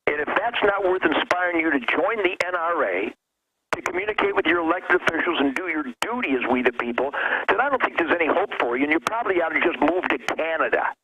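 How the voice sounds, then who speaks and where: A man's voice: fairly high pitch, sing-song, fast, highs cut off. A man calling in as a radio show guest, delivering a fiery, preachy rant that builds into outbursts. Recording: noisy radio line.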